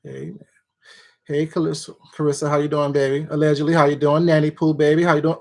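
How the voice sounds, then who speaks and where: A man's voice: a little high, level tone, fast, vocal fry. A man hosting a casual livestream, greeting viewers one by one by name in a familiar, chatty way. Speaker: livestream host.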